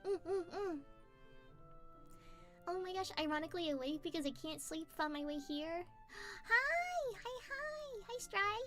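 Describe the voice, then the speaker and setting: A woman chatting casually with her livestream viewers, bubbly and giggly, reading out their messages. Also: high-pitched. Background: faint background music.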